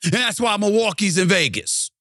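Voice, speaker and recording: A man's voice: high-pitched, normal speed, pushed and bright, no room sound, studio quality. A man hosting a sports talk show, ranting emphatically and repeating lines for punch. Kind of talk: ranting sports commentary monologue.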